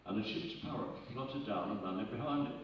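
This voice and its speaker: A man, telling jokes on stage with brisk asides. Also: on the low side, animated. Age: 80s. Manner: brisk anecdotal delivery with quick asides. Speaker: comedian. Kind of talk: live stand-up joke telling. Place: arts centre auditorium on stage. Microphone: distant audience recording. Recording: distant echoey hall recording, dull and noisy.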